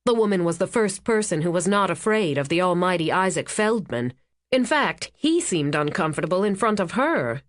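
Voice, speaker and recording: Low-voiced woman narrating an audiobook. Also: moderate pace. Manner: even, steady storytelling.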